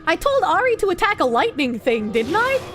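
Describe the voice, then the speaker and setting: A woman's voice: very high voice, fairly quick, faint music behind. A young woman streaming a game, chatting casually and swearing as she jokes with her chat. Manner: animated, swearing, joking with chat, frequent laughs.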